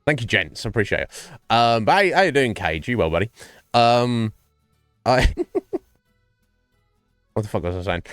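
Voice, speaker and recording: A man's voice: lowish voice, lively intonation, normal speed, pauses often, fairly bright tone, no room sound, soft background music. A man streaming and chatting casually with his viewers, rambling and swearing freely. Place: home streaming setup.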